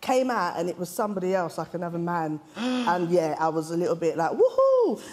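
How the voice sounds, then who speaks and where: A woman's voice: fairly low pitch, a little fast, darkish tone. A woman guest on a comedy talk show telling a cheeky story, giggling as she goes. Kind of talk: chatty anecdote on a talk show.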